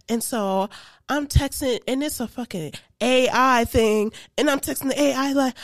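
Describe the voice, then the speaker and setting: A young woman telling a funny story on a casual podcast, animated and swearing freely. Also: sits high, normal speed, no echo, clean studio sound. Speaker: co-host.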